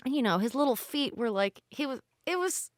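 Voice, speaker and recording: A woman's voice: high-pitched, lively intonation, brisk, no echo, studio quality. A woman, co-hosting a podcast and telling a rambling, candid story with self-deprecating asides. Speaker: podcast co-host. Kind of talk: casual storytelling chat.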